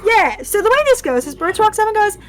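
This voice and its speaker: A woman's voice: extremely high pitch, sing-song, quick pace. A woman narrating as game master in a casual, chatty way. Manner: casual, chatty, laughing often.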